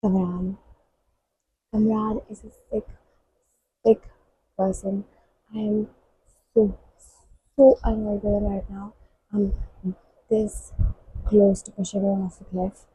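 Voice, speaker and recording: Breathy young woman gushing over a book. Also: medium pitch, little pitch movement, takes it slowly, long pauses, dark tone, poor audio. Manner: gushing, emotional reactions while reading aloud. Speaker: book vlogger. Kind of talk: casual reading-vlog commentary.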